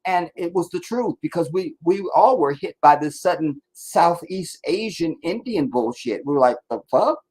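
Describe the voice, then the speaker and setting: A man hosts a casual livestream in a fairly high voice. He rants and rambles, swearing freely as he goes. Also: lively intonation, moderate pace, hardly any pauses, a little mellow, slightly rough. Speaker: livestream host.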